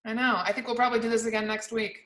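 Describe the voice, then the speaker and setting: A woman's voice: on the high side, level tone, racing, fairly bright tone. A woman co-hosting a podcast over a video call, chatting casually and bursting into laughter often. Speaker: podcast co-host. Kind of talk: casual chat. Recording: roomy video call audio.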